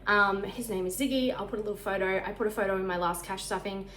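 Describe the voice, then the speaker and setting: Aussie mum vlogging at home, talks super fast and a bit breathless, echoey room with a little hiss. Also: female voice, mid-range voice, fairly even intonation, a bit bright. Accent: Australian. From Australia. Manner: fast-talking, chatty, sounds out of breath. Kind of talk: casual chat.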